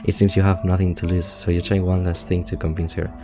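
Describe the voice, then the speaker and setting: A man's voice: low voice, little pitch movement, quick pace, mellow, soft background music. A young man casually reading game text aloud, stumbling and restarting, often laughing and swearing between lines.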